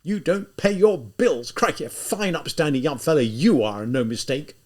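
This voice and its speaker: A man voicing a quick-tempered police lieutenant who shouts and bullies, in an audiobook reading. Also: fairly high pitch, animated, pitched above the performer's own voice. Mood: bawling. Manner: shouting, bullying.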